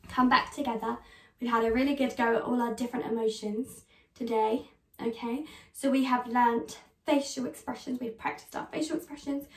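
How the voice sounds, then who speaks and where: A young British woman in her twenties leading an online drama class for children, upbeat and encouraging as she talks straight to the kids. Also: fairly high pitch. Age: 20s. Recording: echoey room, voice from a distance.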